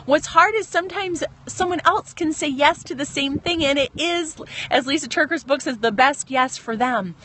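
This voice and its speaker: A woman in her thirties talks into a phone camera on a devotional livestream, with a voice a little higher than most. She sounds earnest and chatty and breaks off now and then to greet viewers by name. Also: normal speed, fairly bright tone. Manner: earnest, chatty, reads viewer comments aloud. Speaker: Christian livestream host. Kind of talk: casual devotional livestream talk.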